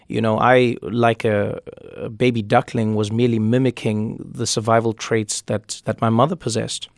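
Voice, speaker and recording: Gravelly man telling stories. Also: on the low side, no room sound, studio quality. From South Africa. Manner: animated storyteller, quick asides, repeats words when starting thoughts. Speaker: guest, comedian and author. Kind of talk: radio interview conversation.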